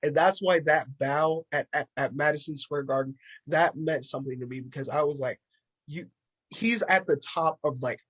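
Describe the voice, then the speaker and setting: A man co-hosting a casual podcast chat, animated and acting out quotes in a raised voice. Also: on the high side, normal speed, husky, rough recording. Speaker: podcast co-host.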